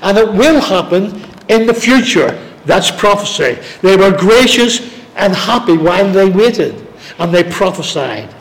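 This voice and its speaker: A man teaching a Bible study in sermon style. He reads scripture slowly and deliberately, stressing words one at a time. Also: sits high, lively intonation. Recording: long reverb of a large hall.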